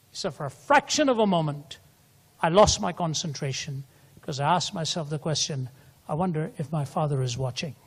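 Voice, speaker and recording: An older man with a fairly high, husky voice preaches a sermon, telling stories as his voice climbs to emphatic peaks. The recording has hall reverb.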